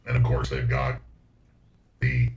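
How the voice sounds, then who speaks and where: A man's voice: rumbling low, completely flat delivery, slow pace, background noise. A man hosting a talk show, talking with heated emphasis and repeating words when worked up. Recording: roomy, distant, dull sound with faint music.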